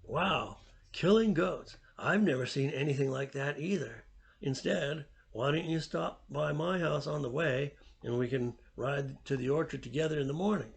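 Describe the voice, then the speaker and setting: A man's voice: fairly high pitch, normal speed, creaky, husky. A man voicing a friendly, eager teenage girl in a read-aloud storybook.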